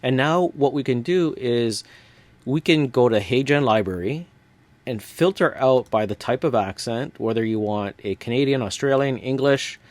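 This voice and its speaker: Man narrating a software walkthrough, dry sound. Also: mid-range voice, moderate pace, no room sound. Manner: relaxed step-by-step narration with casual fillers. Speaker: software tutorial host. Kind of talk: screen-recorded software walkthrough.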